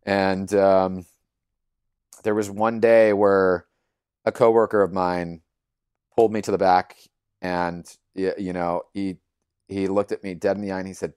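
Low-voiced man telling a personal story. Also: normal speed, pauses often, smooth, no room sound, clean studio sound. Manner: earnest and animated, acts out quoted voices, many fillers. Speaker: guest, yoga teacher.

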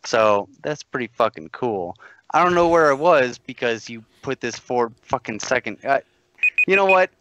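A man's voice: medium pitch, animated, moderate pace, a bit bright, dull audio, slight background noise. A man on a podcast, rambling through an explanation with lots of fillers. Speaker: podcast co-host. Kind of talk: casual chat.

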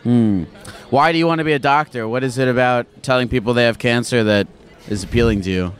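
A man interviewing passers-by outdoors on a city street, telling dark jokes with a straight face. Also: medium pitch, fast talker. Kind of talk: deadpan comedic street interview.

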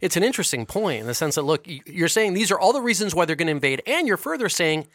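Podcast dude chatting fast, lots of you ever think questions, dry mic. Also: male voice, high-pitched, very animated, a bit bright, no echo. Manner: conversational, rhetorical questions. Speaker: podcast co-host. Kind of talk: casual political chat.

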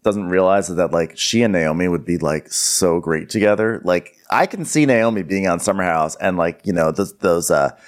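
A man's voice: deep voice, moderate pace, hardly any pauses. A man co-hosting a podcast, gossiping about a reality show in rambling casual chat full of "like"s. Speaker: podcast co-host.

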